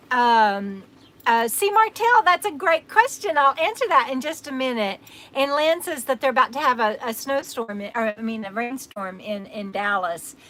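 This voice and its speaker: A woman's high, fairly bright voice comes through a low-quality recording. Speaking in a Texas accent, she hosts a casual live stream, rambling and thanking viewers by name, tired and on the mend from illness.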